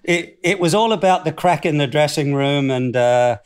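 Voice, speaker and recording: An older Australian man talking through a long story in a casual interview. His voice sits a little high, and he wanders through restarts and self-mocking asides, laughing at himself now and then. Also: normal speed, clear, resonant tone. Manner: rambling, self-deprecating, often laughs. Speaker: guest, former footballer.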